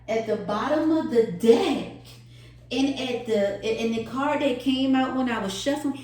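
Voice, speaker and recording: A woman's voice: a little high, measured pace, darkish tone, roomy sound, low-quality recording. A woman giving an emotional, earnest tarot reading to her viewers, repeating phrases for emphasis. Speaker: tarot reader.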